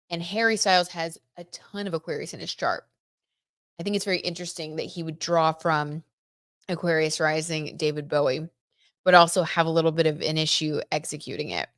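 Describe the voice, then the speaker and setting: A young woman with a fairly low voice reads tarot cards on a casual livestream, chatting with her viewers and breaking into giggles. Her voice sounds close and dry, with no room around it. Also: no room sound. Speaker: tarot reader and livestream host.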